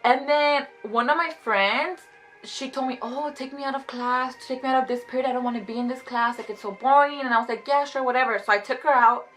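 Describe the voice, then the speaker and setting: Young woman, bright tone, slightly high voice, casual storytime vlog, chatty, lots of "like". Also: soft background music, low-quality recording. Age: 20s. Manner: chatty, fast, heavy use of "like", animated retelling. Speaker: vlogger.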